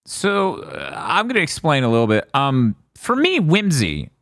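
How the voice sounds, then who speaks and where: A man's voice: on the high side, wildly swooping pitch, moderate pace, fairly bright tone, dry recording, studio quality. A man co-hosting a casual podcast review, rambling and laughing often. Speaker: podcast co-host.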